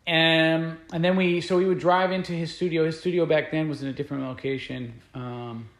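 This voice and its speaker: A man's voice: on the high side, fairly even intonation, fairly quick, roomy sound. A man who is a guest musician, telling stories in a casual interview, rambling along with many fillers and restarts.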